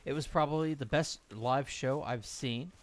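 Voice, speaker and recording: A man co-hosting a live stream, briskly reading out viewer messages and comments. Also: mid-range voice.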